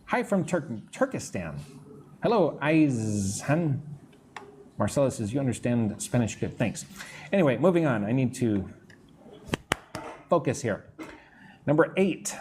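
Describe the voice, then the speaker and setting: A man teaching English on a live stream, with a mid-pitched voice that rises and falls a lot. He answers viewer comments casually and pokes fun at himself, then slows down to model how words are said. A faint hiss sits under the recording. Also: very animated, a little mellow. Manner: casual, self-deprecating, slows to model pronunciation.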